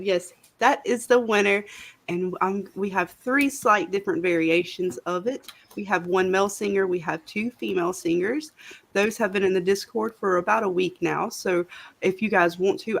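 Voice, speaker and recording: A woman's voice: mid-range voice, vocal fry. A woman with a Southern US accent co-hosting a casual livestream, chatty and greeting viewers by name. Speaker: livestream co-host.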